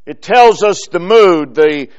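Slow, high-voiced male preacher. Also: highs cut off. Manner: slow, emphatic preaching that builds in lists and trails off softly. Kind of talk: sermon.

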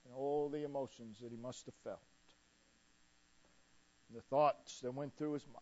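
A man preaching a sermon emphatically, swinging between loud declarations and hushed repeated refrains. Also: medium pitch, steady tone, normal speed, muffled recording.

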